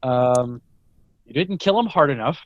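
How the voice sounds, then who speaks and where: A man co-hosting a podcast in casual chat, animated and laughing often as he reads out his notes. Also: mid-range voice, a little slow, no room sound, lo-fi sound. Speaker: podcast co-host.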